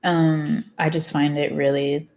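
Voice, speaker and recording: Low-voiced woman reading with chatty asides. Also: flat delivery, darkish tone. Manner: reads haltingly, stumbles and rereads words, breaks off into candid side comments. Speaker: book reader.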